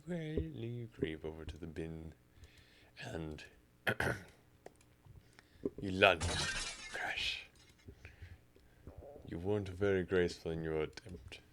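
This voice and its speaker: Very deep, creaky-voiced male streamer. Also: animated, slow, pauses often, background noise. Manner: narrates game text in second person, with reactions. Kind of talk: reading a text game aloud live.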